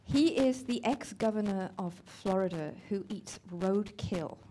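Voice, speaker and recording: A woman's voice: medium pitch, a little slow, warm tone. A middle-aged woman on a radio quiz panel, laughing and groping for an answer. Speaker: quiz contestant. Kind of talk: live quiz panel banter. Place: radio studio with live audience.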